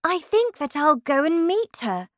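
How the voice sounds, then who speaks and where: A curious, polite young girl, as a woman reading a storybook puts her on. She sounds eager and wide-eyed, with a high voice that rises and falls a great deal. The recording is close and dry. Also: big pitch swings, measured pace, no echo.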